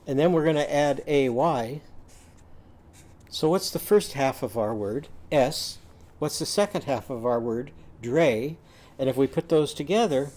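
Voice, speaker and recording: A man's voice: medium pitch, a little mellow. A man demonstrating a reading lesson, with an upbeat, sing-song teaching manner, sounding out letters and cheering.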